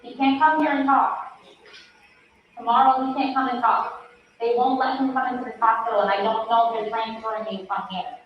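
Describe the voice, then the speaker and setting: A woman's voice: a little high, steady tone, a little fast, a little hiss or hum. A woman interviewing a patient at a hospital bedside, coaxing and soothing her, repeating short pleas to breathe. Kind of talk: bedside interview recording played in court. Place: hospital room. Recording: echoey, distant, muffled court playback.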